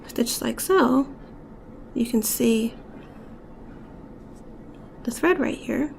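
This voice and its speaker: Soft, gravelly-voiced woman teaching beadwork. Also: fairly high pitch, animated, extremely slow, a little hiss or hum. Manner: soft-spoken, often drops to a whisper while working. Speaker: beading tutorial instructor. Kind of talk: step-by-step craft tutorial.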